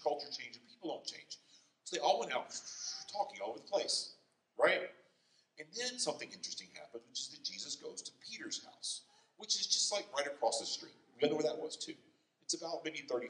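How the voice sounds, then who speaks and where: A man's voice: a little high, a little fast, far from the mic. A man preaching a conversational sermon in a church, often checking in with the congregation. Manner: conversational, animated, frequent "okay?" and "right?" check-ins. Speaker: pastor. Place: church sanctuary. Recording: roomy, from the mic.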